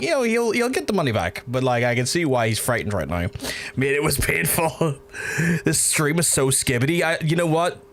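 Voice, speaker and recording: A man's voice: fairly high pitch, fairly bright tone. A man chatting casually on a gaming livestream, ranting and swearing heavily, rambling with lots of fillers. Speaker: gaming streamer.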